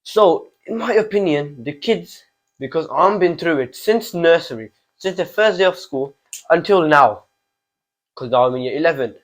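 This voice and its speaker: A man's voice: fairly high pitch, animated, normal speed, rough recording. A fifteen-year-old boy hosting his own channel, delivering an impassioned opinion monologue full of repeated rhetorical questions. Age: teens. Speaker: channel host.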